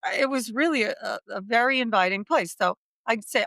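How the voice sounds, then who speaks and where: An American woman, a podcast guest and author, tells a personal story in a lively way. She acts out remembered conversations and often restarts her sentences. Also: mid-range voice, normal speed, no echo. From United States. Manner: animated storytelling, acting out remembered dialogue with restarts.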